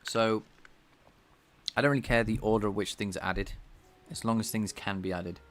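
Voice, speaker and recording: A man with a slightly nasal voice, thinking out loud as he codes live and talks to his chat. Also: lowish voice, steady tone, normal speed. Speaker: game developer streaming his coding. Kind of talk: casual live-coding chat.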